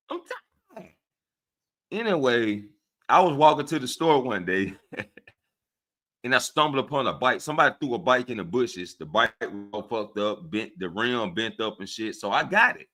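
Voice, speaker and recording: A man with a Southern US accent hosting a casual livestream, speaking to his viewers in an animated, preachy way and often checking in with them. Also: medium pitch. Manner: animated and preachy, often asks "right?" of listeners. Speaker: livestream host. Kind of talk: casual livestream talk to chat.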